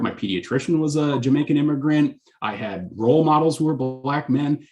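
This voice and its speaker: A man who grew up in Canada, a physician speaking on a discussion panel and telling stories from his life in an earnest, animated way. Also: fairly high pitch.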